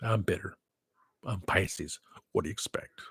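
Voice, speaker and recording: Unhurried and low-sitting, his voice is a bit bright and slightly rough, with no room sound, captured on a headset. As livestream host he rambles casually, veers off topic, breaks off his own sentences, and muses wistfully.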